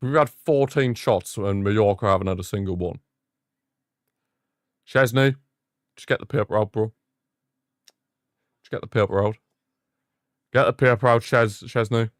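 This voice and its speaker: A young man hosting a live football watchalong, giving excitable fan commentary and ranting at the referee. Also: fairly low pitch, normal speed, long pauses, no echo, studio quality. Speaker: watchalong host.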